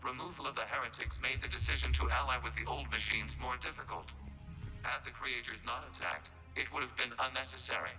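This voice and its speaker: An actor playing a calm, formal male robot in a video game, speaking in a flat, precise way. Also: mid-range voice, fast talker, soft background music, poor audio. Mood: measured.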